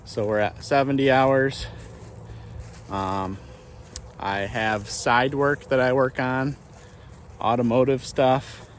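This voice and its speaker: A man who runs a small farm and hosts his own channel talks casually while crossing his pasture outdoors, thinking aloud and restarting often. His medium-pitched voice has fairly even intonation, and he speaks slowly with long pauses. Slight background noise can be heard.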